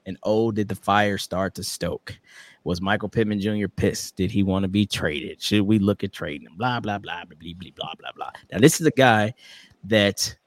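Teasing low-voiced male podcast host. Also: normal speed, no echo. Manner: playful, teasing, ribs co-hosts. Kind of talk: casual sports podcast chat.

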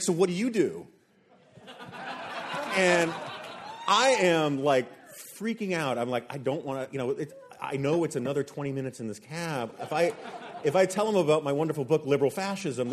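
A man's voice: a little high, brisk, slight background noise. A man on a live podcast stage, telling a long anecdote and acting out the people he quotes. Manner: animated anecdote teller, quotes people in lively voices. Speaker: podcast panelist telling a story. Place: hotel event room with a live audience.

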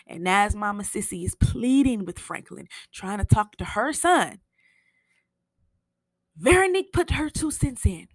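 A woman's voice: mid-range voice, expressive, measured pace, no echo, clean studio sound. A young woman hosting a TV recap podcast, telling the episode in a blunt, profane, chatty way. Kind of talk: casual spoken show recap.

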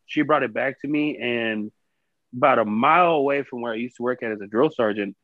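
A man's voice: mid-range voice, brisk, no room sound, narrow, tinny audio. A man in casual chat telling a heated story full of swearing.

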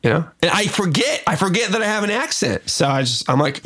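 A man's voice: sits high, sing-song, fairly quick, sharp tone, breathy edge. An American man, a record producer, talking loosely and profanely in a casual podcast chat. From United States. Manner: loose and profane, many fillers.

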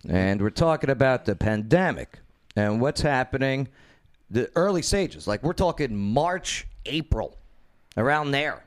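A man's voice: medium pitch, measured pace. A man hosting a casual talk show, telling a long story loosely with lots of fillers. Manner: rambling storyteller with many fillers, lively intonation. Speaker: podcast host.

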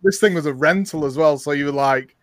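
Man, slightly high voice, laid-back storytelling, casual swearing, dry close sound. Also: fairly quick, no room sound. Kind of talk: casual chat.

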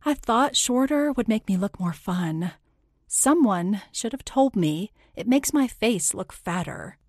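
A woman's voice: medium pitch, expressive, unhurried, darkish tone, no echo, studio quality. Woman reading a fretful chatty woman friend. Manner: chatty and self-deprecating. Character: fretful woman friend who runs a dog daycare.

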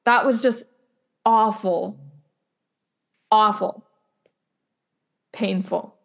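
A woman's voice: mid-range voice, fairly even intonation, very slow, gravelly. A woman co-hosting a casual podcast, talking emphatically and bluntly, swearing freely as she reacts to a TV episode. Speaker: podcast co-host. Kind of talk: casual chat recapping a TV episode.

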